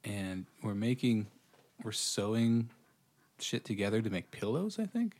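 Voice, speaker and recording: A man's voice: fairly low pitch, very animated, a little slow, darkish tone. A young adult man co-hosting a podcast, chatting casually and throwing in jokes. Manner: joking interjections. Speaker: podcast co-host. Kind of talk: casual chat.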